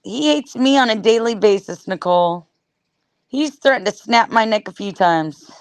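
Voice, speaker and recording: A woman chatting casually on a livestream, animated and swearing freely as she talks back to her chat. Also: medium pitch, normal speed, clear, resonant tone, no echo. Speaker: livestream host.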